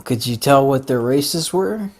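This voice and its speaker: Pushy, lively-voiced player. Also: male voice, medium pitch, unhurried. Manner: pushy, questioning. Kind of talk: casual in-character tabletop play.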